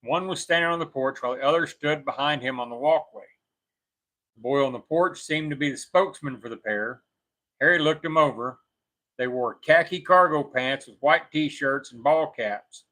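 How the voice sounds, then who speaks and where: A man's voice: on the high side, normal speed, sharp tone, low-quality recording. A man co-hosting a show, reading a scary story aloud and now and then correcting his own slips.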